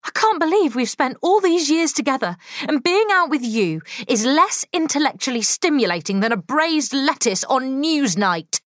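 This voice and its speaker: A woman voicing a sarcastic, sharp-tongued young woman who needles her brother. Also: high-pitched, sing-song, moderate pace, no room sound, studio quality, pitched above the performer's own voice. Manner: sarcastic, muttering through clenched teeth.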